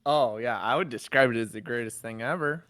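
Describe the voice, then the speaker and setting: A man co-hosting a casual podcast over a voice call, easygoing and quick to laugh. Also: mid-range voice, a bit bright. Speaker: podcast co-host. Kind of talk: casual chat. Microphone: remote call mic.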